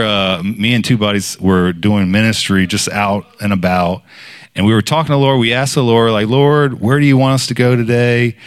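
Man, low voice, casual preacher, rambling story, fillers, voice leaps up for quotes. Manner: animated when quoting others, voice jumping high. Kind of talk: informal sermon storytelling.

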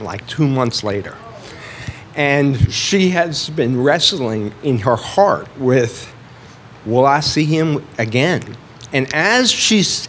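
A man's voice: mid-range voice, a little hiss or hum. A man casually telling a church testimony, rambling and full of "like" and restarts. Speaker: church speaker sharing a testimony.

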